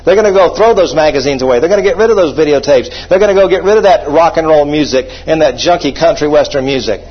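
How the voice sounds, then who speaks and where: Casting: male pastor delivering a sermon, emphatic, has the congregation repeat phrases, husky tone. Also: fairly high pitch, fast talker. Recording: dull lo-fi recording.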